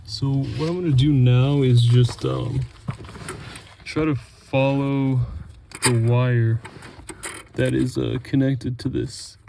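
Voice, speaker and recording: A car restoration hobbyist vlogger with a medium-pitched, gravelly voice casually explains, step by step, the repairs he's doing on his car while working in a garage. He's relaxed and chatty, takes it slowly with long pauses, and there's noisy background.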